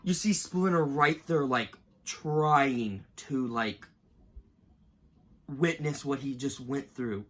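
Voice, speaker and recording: A man's voice: medium pitch, slow pace, a bit bright. A man in his twenties talking through a ranked list in a casual vlog, rambling and emotional, fighting back tears now and then. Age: 20s. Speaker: YouTuber ranking cartoon moments.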